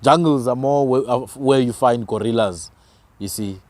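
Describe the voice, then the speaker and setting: A man's voice: medium pitch, moderate pace, a little mellow, dry recording. A man from Africa, arguing his views with emphatic rhetorical questions in a passionate podcast conversation. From South Africa.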